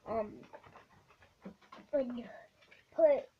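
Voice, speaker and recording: Young girl vlogger, high voice, halting and rambling, muffled lo-fi camera sound. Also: slightly rough. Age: child. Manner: halting, many ums and restarts. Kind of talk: rambling casual vlog.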